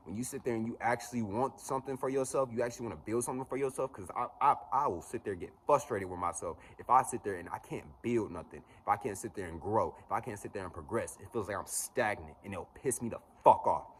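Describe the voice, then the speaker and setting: A man's voice: lowish voice, fast, few pauses, a bit bright, husky. A man in his twenties giving a blunt, profane motivational monologue as a vlogger. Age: 20s. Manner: blunt, profane, preachy pep talk.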